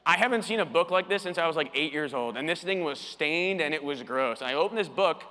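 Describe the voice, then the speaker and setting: A man giving a storytelling keynote talk at a conference, animated and acting out the quoted dialogue. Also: a little high, brisk. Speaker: conference speaker. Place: conference hall. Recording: long reverb of a conference hall.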